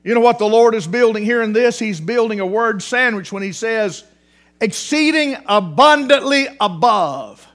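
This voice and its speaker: High-voiced animated male preacher. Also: brisk, hardly any pauses. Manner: animated, repeats words for emphasis, restarts often. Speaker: pastor. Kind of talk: sermon. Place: church sanctuary.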